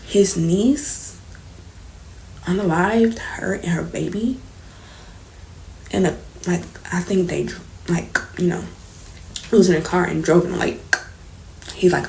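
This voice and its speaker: In a casual, candid vlog, a young woman tells a personal story, using slang and swearing along the way. Her lowish, darkish voice is unhurried with vocal fry and long pauses, and the recording has a roomy echo and faint background noise.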